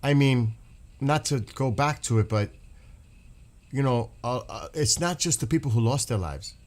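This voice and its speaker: A man's voice: mid-range voice, lively intonation, moderate pace, darkish tone. A middle-aged American man, chatting casually and earnestly with live viewers, rambling and repeating himself. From United States. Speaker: live stream host.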